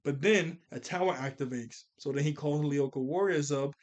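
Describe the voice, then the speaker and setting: A young man talks through a cartoon episode in a relaxed, slangy review style. His voice sits a bit high for a man. He gets animated and breaks into laughter as he recaps. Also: normal speed.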